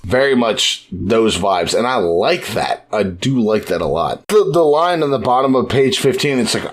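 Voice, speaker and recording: A man's voice: medium pitch, lively intonation, moderate pace, hardly any pauses. A young man co-hosting a podcast in casual chat, loose and profane, animating scenes with sudden voice shifts. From United States. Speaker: podcast co-host.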